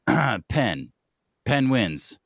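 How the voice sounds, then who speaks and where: A male podcast co-host with a mid-pitched voice that swings widely in melody jokes and swears freely. His voice is recorded dry and close, with no room echo. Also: sing-song, extremely slow, creaky, a bit bright. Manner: profane, joking, mock-indignant. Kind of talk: casual podcast banter.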